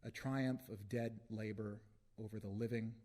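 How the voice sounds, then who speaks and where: A man reading his own poems aloud at a live book launch, with deliberate phrasing and long pauses between lines. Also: fairly low pitch, fairly even intonation, dark tone. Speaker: poet reading his work.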